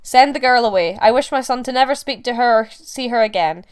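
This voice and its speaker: A woman's voice: mid-range voice, brisk, clear, resonant tone, close to an everyday voice. A woman doing a stern, imperious mother. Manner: commanding, imperious.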